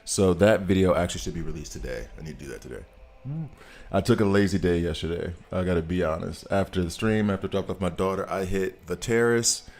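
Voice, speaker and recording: A man's voice: low-pitched, a little fast. An American man chatting casually on a live game stream, greeting viewers and laughing often. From United States. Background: soft background music.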